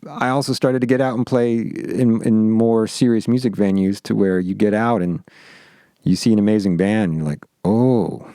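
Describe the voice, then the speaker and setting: Very low, dark-voiced reflective man. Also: steady tone, smooth, dry recording, clean studio sound. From Austin, Texas. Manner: reflective, halting, repeats words as he thinks. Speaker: guest musician. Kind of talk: casual interview conversation.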